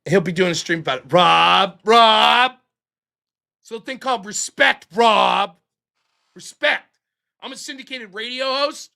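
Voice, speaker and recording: Guy ranting and joking on his stream, cusses a lot, high bright voice. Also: animated, normal speed, creaky. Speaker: livestream host. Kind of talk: casual livestream chat.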